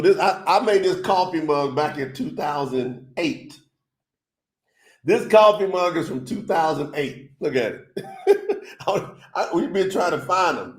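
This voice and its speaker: A man's voice: a little high, reverberant. An upbeat man hosting a casual livestream, chatting with viewers and reading their comments aloud. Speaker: livestream host.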